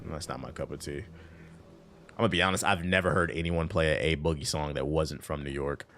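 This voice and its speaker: A man's voice: rumbling low, steady tone, brisk, fairly bright tone, slight background noise. A man streaming a game, chatting casually with his chat in loose, profane slang. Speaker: gaming streamer. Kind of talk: casual live-stream commentary while playing.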